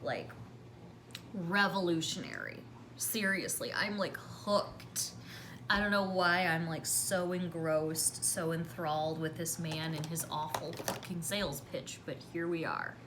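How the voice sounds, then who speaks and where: A woman vlogger telling a story while doing her makeup, chatty and sarcastic, dropping into hushed voices when she quotes people. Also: on the low side, measured pace, a little hiss or hum. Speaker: beauty vlogger.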